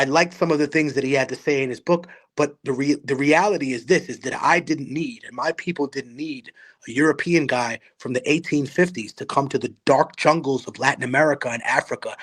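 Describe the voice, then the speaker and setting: A man's voice: mid-range voice, moderate pace, a bit bright, breathy edge. A man from Peru, a guest on a podcast, talking passionately in casual conversation. He tells stories and speaks bluntly, with profanity. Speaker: guest, rapper and activist.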